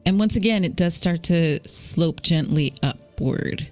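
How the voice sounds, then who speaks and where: A woman runs a tabletop game as game master, with a low voice. Her narration is chatty, with frequent asides and self-corrections. She keeps a casual table-talk tone throughout. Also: unhurried, a little mellow, faint music behind.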